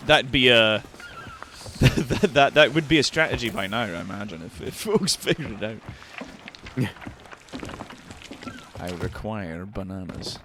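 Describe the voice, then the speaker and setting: A man's voice: medium pitch, expressive, normal speed, pauses often, noisy background. A man captaining a crew in casual gaming chat, easygoing and chuckling often. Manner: chuckling, easygoing, with frequent laughs. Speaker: streamer captain of a pirate crew.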